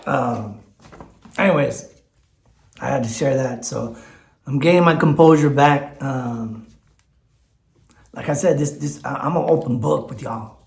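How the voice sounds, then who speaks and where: A man's voice: mid-range voice, measured pace, vocal fry, long pauses, reverberant. A man talks candidly in a personal vlog, teary and rambling, with lots of fillers and restarts. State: teary, choked up. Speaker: vlogger. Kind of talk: emotional personal vlog talk.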